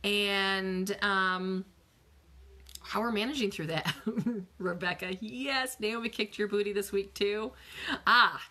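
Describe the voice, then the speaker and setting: Bright, chatty woman physical therapist. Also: medium pitch, takes it slowly, pauses often. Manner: chatty, animated, laughs often, coaching tone. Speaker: physical therapist hosting a live Q&A. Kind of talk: casual live-stream chat answering viewer questions. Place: bedroom at home. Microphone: phone.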